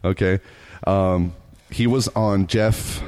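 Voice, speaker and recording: A man's voice: deep voice, steady tone, takes it slowly, darkish tone. A man hosting a casual podcast, telling a story with lots of swearing. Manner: profane storytelling. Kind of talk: casual chat.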